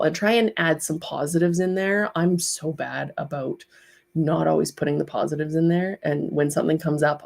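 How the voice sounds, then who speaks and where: A woman's voice: deep voice, creaky, a little mellow. A woman hosting a casual art livestream, talking in a chatty, rambling way with frequent giggles. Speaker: livestream host, clay artist.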